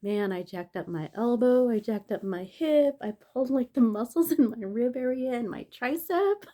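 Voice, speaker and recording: A woman's voice: fairly high pitch, expressive, normal speed, warm tone. A woman casually telling a story on her vlog, laughing often and swearing, sounding in pain and close to tears. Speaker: vlogger.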